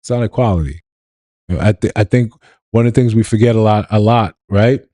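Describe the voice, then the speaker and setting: A man's voice: lowish voice, brisk, warm tone, no echo. A man from New York hosting a casual live stream, talking loosely to his chat with laughs and restarts.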